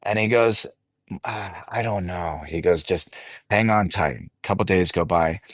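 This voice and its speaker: A man with a fairly low voice tells a lively story from his working life, slipping into the voices of the people in it. The sound is dry and close, with no room around it. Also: a little slow, no room sound. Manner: animated anecdote telling, voices others in quotes. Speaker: actor guest. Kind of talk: casual interview storytelling.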